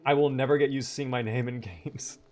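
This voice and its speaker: A man's voice: mid-range voice, fairly even intonation, a little fast. A young man casually chatting through a live gameplay stream, reacting to the game and answering his chat.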